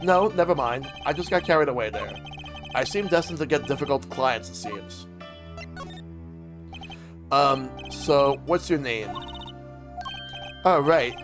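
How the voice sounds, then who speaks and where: A man's voice: mid-range voice, animated, unhurried, long pauses, music in the background. A man streaming a visual novel game, reading the dialogue aloud and voicing each character, with casual asides.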